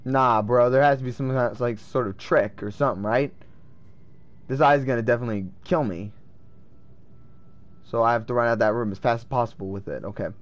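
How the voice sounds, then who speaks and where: A man giving casual gameplay commentary, excitable and swearing as he talks to himself. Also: mid-range voice, fairly quick, long pauses. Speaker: let's play gamer.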